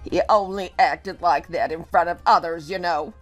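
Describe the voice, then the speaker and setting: A woman's voice: lowish voice, normal speed, soft background music, pitched below the performer's own voice, natural voice. A woman voicing a bitter, grieving older widow who is drunk, speaking in a weary, resentful way.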